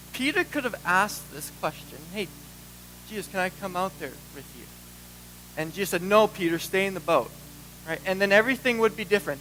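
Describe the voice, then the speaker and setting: A man preaching a sermon as pastor, animated and acting out the voices he quotes. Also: sits high, slight background noise, rough recording.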